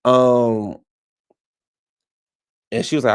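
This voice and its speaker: A man's voice: mid-range voice, normal speed, creaky, a little mellow. A man giving casual commentary, recapping reality TV in a chatty, incredulous way with lots of rhetorical questions.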